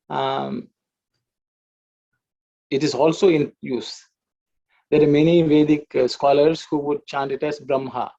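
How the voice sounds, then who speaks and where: A man with a somewhat high, gravelly voice lectures to an online class. He explains at length, pausing on fillers and correcting himself mid-sentence. The sound is muffled and lo-fi, like a video call. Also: warm tone. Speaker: Sanskrit teacher.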